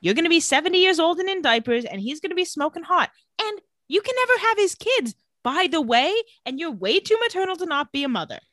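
A woman voicing a bossy, blunt young woman friend in a lecturing tone, her pitch jumping higher. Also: big pitch swings, quick pace, few pauses, fairly bright tone, dry recording, clean studio sound, full character voice.

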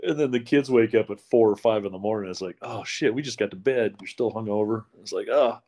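A man's voice: fairly low pitch, fast, mellow. A middle-aged man co-hosting a podcast, chatting casually and cracking jokes. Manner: wisecracking, laughs often. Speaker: podcast co-host. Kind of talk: casual chat.

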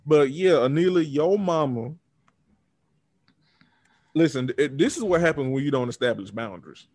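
A man's voice: on the high side, animated, moderate pace, a little mellow, no room sound. A man co-hosting a casual recap podcast, talking bluntly with plenty of cursing. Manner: blunt, profane, preachy. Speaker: podcast co-host.

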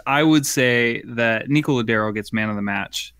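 A man co-hosting a sports podcast, explaining the game in a measured way. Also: mid-range voice, steady tone, a bit bright, smooth, no room sound, studio quality. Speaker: podcast co-host. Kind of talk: casual sports analysis.

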